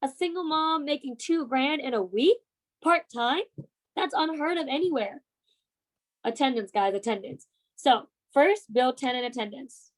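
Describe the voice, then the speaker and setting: A woman's voice: sits high, animated, measured pace, low-quality recording. A woman in her twenties leading a motivational team training talk, emphatic and coaxing, often checking in with "right?". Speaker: team leader and sales trainer.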